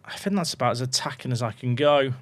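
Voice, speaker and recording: A fast-talking man with a mid-range voice livestreams a football management game. He swears and talks to his chat in a dramatic, despairing manner, keeping the commentary casual.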